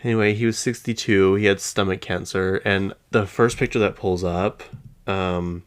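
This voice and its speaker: A man's voice: low-pitched, steady tone, unhurried, clear, resonant tone. A male podcast host talking casually and gossipily about celebrity news, rambling and speaking directly to his listeners. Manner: chatty, gossipy, rambling, addresses listeners as "you guys". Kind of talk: casual pop-culture chat.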